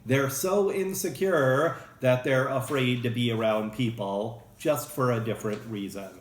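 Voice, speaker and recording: A man's voice: mid-range voice, unhurried, hardly any pauses. A man giving a casual psychology lecture, joking and acting out short examples. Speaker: psychology professor. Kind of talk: recorded lecture. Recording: roomy echo.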